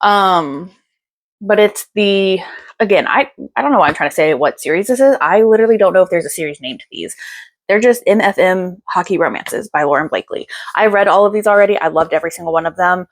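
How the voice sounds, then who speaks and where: A woman's voice: fairly low pitch, a little fast. A young woman chatting casually through a book haul, bubbly and gushing, tired and a little out of breath. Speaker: book vlogger.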